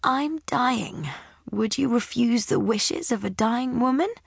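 A woman narrator voicing a cheeky, bossy woman in her thirties who is gravely ill and teases her friend in a soft voice. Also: on the high side, slow pace, dry recording, clean studio sound, pitched above the performer's own voice, heavily acted. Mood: conspiratorial. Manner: teasing, bossy, soft-spoken.

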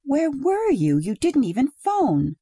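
A woman's voice: mid-range voice, expressive, a little slow, dark tone, slightly rough, no echo, studio quality. A woman voicing a young wife who speaks in a breathless, rising, pleading way. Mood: hurt, pleading. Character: young newly married woman, eager then hurt.

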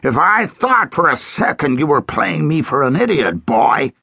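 A man voicing a gruff, scornful old frontier sheriff in an audiobook, with a growling, mocking delivery. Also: a little high, sing-song, a little slow, bright, forceful tone, no echo, studio quality, pitched above the performer's own voice, full character voice. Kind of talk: audiobook character voice.

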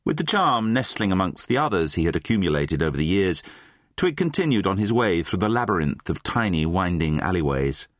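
A man's voice: low-pitched, brisk, dry recording, clean studio sound. A man narrating a children's fantasy audiobook, reading expressively. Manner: expressive, voices many characters. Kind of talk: scripted storybook narration.

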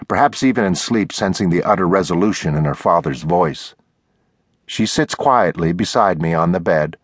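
A man narrating a thriller audiobook in the first person, measured and deliberate, recorded on a close studio mic. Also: deep voice, no echo.

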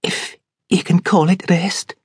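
Brief: anxious serving woman, read by a man, higher husky voice, dry storybook recording. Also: level tone, slow, darkish tone, dry recording, heavily acted. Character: female Scottish servant, fretful and soft-hearted.

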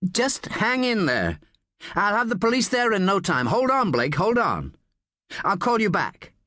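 Man putting on a higher, slow urgent agent voice, reassuring, dry sound. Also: wildly swooping pitch, pushed and bright, slightly rough, no room sound, heavily acted. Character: urgent male Secret Service agent on the phone.

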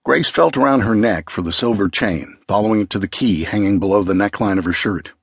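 A man narrating an audiobook with a measured, grave delivery. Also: on the low side, breathy edge, no room sound, clean studio sound. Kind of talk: scripted narration.

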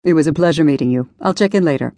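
A woman voicing a gracious older man who runs a restaurant, speaking in a courtly, unhurried way. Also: deep voice, mellow, no echo. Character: older Italian-American male restaurant owner, gracious host.

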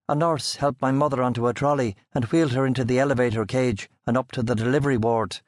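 A man giving measured, scripted audiobook narration into a close studio mic. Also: mid-range voice, dry recording.

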